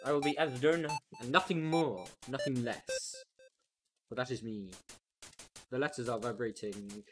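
A game streamer giving chatty, excitable, self-mocking commentary on a first playthrough. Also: mid-range voice, normal speed. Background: game music.

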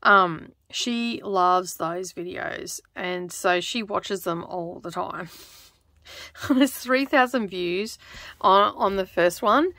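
An Australian woman chatting casually as she stitches, rambling and laughing often, keeping her voice lowered toward a close microphone in her home craft studio. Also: takes it slowly, bright, forceful tone, no room sound. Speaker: craft vlogger. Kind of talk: casual chat while stitching. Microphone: close microphone in front of her.

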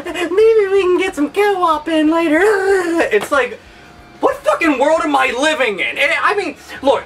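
A man's voice: very high-pitched, bright, forceful tone, far from the mic. A man hosting a gaming video, delivering a heated, sarcastic, profanity-laced rant. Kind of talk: angry rant vlog.

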